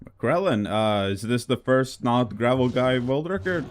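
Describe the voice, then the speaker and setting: A man's voice: medium pitch, expressive, measured pace, slight background noise. A man casually commenting on racing game records on a live stream, rambling with many fillers and an occasional cough. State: coughing now and then.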